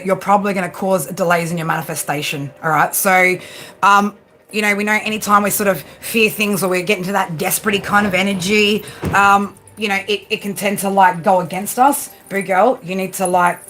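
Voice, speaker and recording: A woman's voice: mid-range voice, steady tone, fairly quick, fairly bright tone. A woman tarot reader hosting a casual live stream from home, chatty and swearing freely as she talks to viewers and her pets by name.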